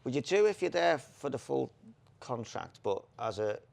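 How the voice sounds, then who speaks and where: A man, a former jockey co-hosting a podcast, telling racing anecdotes in a lively, casual way. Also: mid-range voice, moderate pace, gravelly. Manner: animated anecdotes, laughs, quotes people in put-on voices. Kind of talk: casual storytelling chat.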